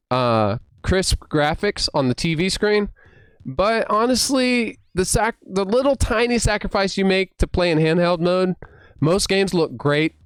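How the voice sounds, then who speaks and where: A young man hosting a livestream, chatting casually and retelling things with excitable, animated reactions. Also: high-pitched, clean tone, no echo. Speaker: streamer host.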